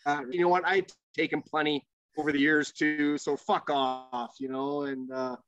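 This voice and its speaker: A man's voice: fairly high pitch, normal speed, smooth, no room sound, dull audio. A man, a former pro hockey player, telling swearing, laughing stories as a podcast guest. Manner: animated, profane, laughs while telling stories. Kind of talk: casual storytelling.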